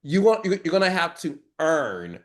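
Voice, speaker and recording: A man hosting a casual reality-TV recap chat, animated and dramatic, acting out quoted lines in squealing voices. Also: on the high side, moderate pace. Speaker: podcast host.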